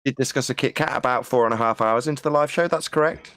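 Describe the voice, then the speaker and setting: A man's voice: medium pitch, quick pace, fairly bright tone, clear, resonant tone, dry recording. A man chatting on a live stream with dry, sarcastic humor. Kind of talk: casual live-stream chat.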